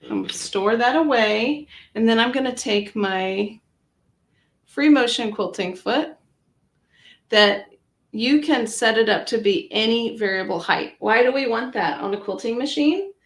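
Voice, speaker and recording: A chatty woman walks through a sewing machine demo, narrating each step as she goes and filling pauses with "um" and "like." Her voice sits a little high and carries a gravelly fry, and the room adds a roomy echo. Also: lively intonation. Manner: chatty, with frequent fillers, narrating her own actions. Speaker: product demonstrator. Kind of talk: hands-on sewing machine demonstration.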